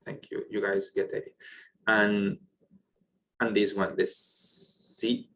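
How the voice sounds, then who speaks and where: Low-voiced encouraging French teacher, faint background hum. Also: male voice, little pitch movement, takes it slowly, a bit bright, poor audio. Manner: encouraging, praises questions, explains step by step. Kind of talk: online class teaching.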